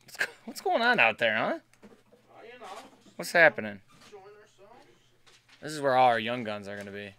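A man's voice: medium pitch, wildly swooping pitch, normal speed, long pauses, sharp tone, clear, resonant tone. A man hosting a live card break stream, chatting casually and bantering with viewers as he opens packs. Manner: chatty, upbeat, banters with chat.

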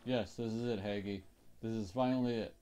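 A man's voice: lowish voice, fairly even intonation, fairly quick, warm tone. A man giving casual, chatty commentary while playing a video game. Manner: chatty, laughing asides. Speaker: let's play host.

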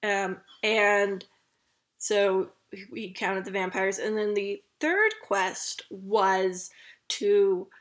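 A woman's voice: mid-range voice, drawn-out words. A young woman vlogger telling a casual, chatty story about a park visit, full of fillers and asides.

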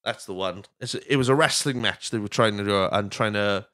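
A man's voice: on the low side, fairly quick, bright, forceful tone, no room sound, studio quality. A young man hosting a podcast in casual chat, rambling and jokey and swearing freely. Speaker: podcast host.

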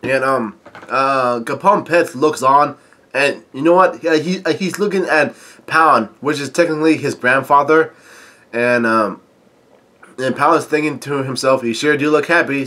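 A man casually reading a comic aloud with his own comments, halting and full of fillers, chuckling at the story. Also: mid-range voice, bright, forceful tone.

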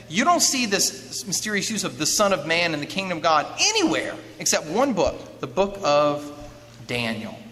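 A man lecturing an audience as an author, lively, asking rhetorical questions and acting out quotes. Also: high-pitched. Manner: acts out quoted speech. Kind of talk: lively teaching talk with a handout. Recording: long hall reverb, faint noise.

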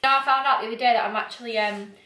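A woman's voice: fairly high pitch, steady tone, very fast, sharp tone, recorded from a distance, a little hiss or hum. Young woman vlogger, bubbly haul chatter, roomy sound. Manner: giggly, chatty. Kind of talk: casual haul video chat. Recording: roomy, a bit off-mic.

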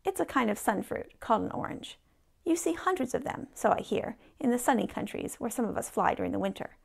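A man's voice: extremely high pitch, big pitch swings, a little fast, creaky, exaggerated voice. A man voicing a knowing little chaffinch who explains things, in a read-aloud storybook. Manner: explaining, know-it-all.

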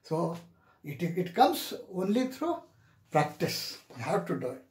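A man teaching English pronunciation in a classroom lecture, saying each example word several times in a drawn-out, deliberate way. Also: high voice, big pitch swings, a little mellow. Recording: echoey room.

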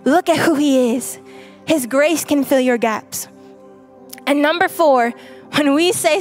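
A woman's voice: high-pitched, unhurried, faint music behind. A young adult woman preaching a sermon to a congregation, emphatic and direct, repeating her key lines. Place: church stage.

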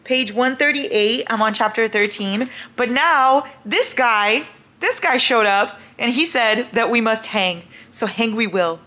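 A woman's voice: fairly high pitch, unhurried, pushed and bright. A young woman vlogging at home at night, chatting in a gushing, playful way about books. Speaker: book vlogger. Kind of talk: casual reading vlog chat.

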